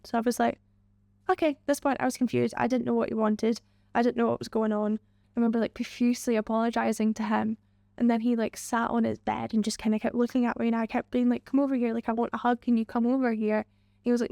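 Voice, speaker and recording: A woman's voice: on the high side, gravelly, warm tone, no echo. A young woman telling a personal story in an interview, recounting past talk with quoted lines and many fillers.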